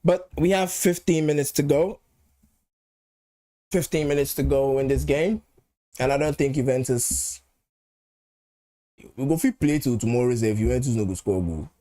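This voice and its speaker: A man's voice: medium pitch, normal speed, pauses often, mellow. Chatty Nigerian man hosting a match watchalong. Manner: chatty, repeats phrases, mixes pidgin and English. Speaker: football channel host. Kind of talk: live match watchalong chat.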